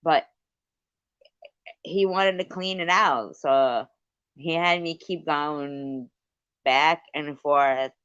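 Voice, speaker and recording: A woman's voice: sits low, drawn-out words, long pauses, a bit bright, smooth, no room sound, lo-fi sound. A woman hosting a livestream, telling a rambling casual story, swearing freely and breaking off to thank viewers. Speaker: livestream host.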